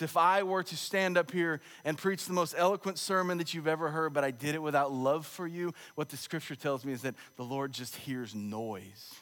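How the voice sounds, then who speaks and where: A slightly high-voiced man in his thirties preaches a sermon. He talks in a conversational, humorous storytelling way, and his voice rings with the long echo of a large church hall. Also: a bit bright. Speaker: pastor. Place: church sanctuary.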